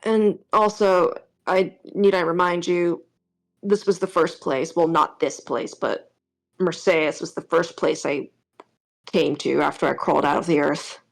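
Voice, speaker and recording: A woman's voice: fairly low pitch, fairly even intonation, measured pace, vocal fry, faint music behind. A woman playing a tabletop role-playing game, dryly describing what her character does. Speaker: player. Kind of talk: casual tabletop role-play.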